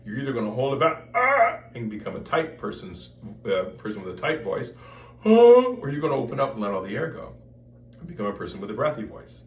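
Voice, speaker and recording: A man's voice: lowish voice, animated, fast, highs cut off. A man giving a voice lesson, explaining step by step and breaking off to demonstrate vocal sounds. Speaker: voice teacher. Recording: roomy sound, mic at a distance, faint background noise.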